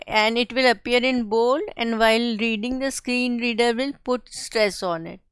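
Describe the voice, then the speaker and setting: A woman teaching a coding tutorial, explaining each step slowly and carefully. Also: a little high, a bit bright, smooth, no room sound. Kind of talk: screen-share coding tutorial.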